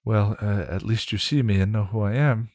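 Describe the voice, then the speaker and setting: A man's voice: on the low side, moderate pace, a little mellow, no echo, clean studio sound, lightly acted. A man voicing a brave, kind young witch who soothes and reassures with determination. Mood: determined.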